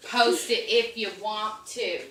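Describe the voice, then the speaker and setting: A mother joking with her daughter at home in a casual, mock-offended, deadpan way. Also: medium pitch, slow pace, roomy sound, slight background noise. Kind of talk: casual home video banter. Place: at home, kitchen.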